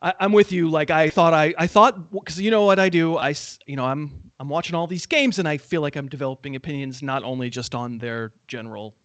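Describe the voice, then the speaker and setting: A man talking through football picks in a loose, rambling way, poking fun at himself as he goes. His voice sits a little high for a man, and the sound is close and dry with no room around it. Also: steady tone, a bit bright, dry recording. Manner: rambling, self-mocking, quick asides. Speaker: host. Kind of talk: casual sports betting chat. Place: in Los Angeles.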